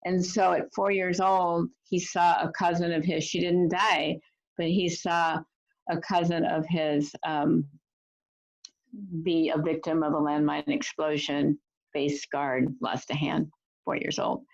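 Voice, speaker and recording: Gentle earnest woman on a video call, kinda low and gravelly, muffled sound. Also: little pitch movement, a little slow. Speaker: storyteller and teacher of refugee youth. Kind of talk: reflective storytelling talk.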